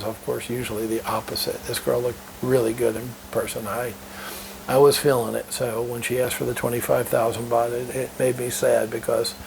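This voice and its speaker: A man's voice: medium pitch, gravelly, a little hiss or hum, low-quality recording. A middle-aged man talking casually and bluntly, swearing freely and chuckling between remarks. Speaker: vlogger. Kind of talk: casual monologue. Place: living in Thailand.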